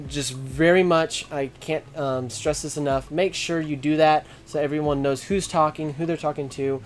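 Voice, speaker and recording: A young man hosting a casual instructional chat, explaining steadily with plain, everyday talk. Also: a little high. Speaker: host.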